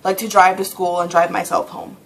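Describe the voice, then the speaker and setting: A woman's voice: lowish voice, little pitch movement, brisk, creaky. A teenage girl ranting casually in a vlog, rambling and exasperated, often laughing. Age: teens. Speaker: vlogger.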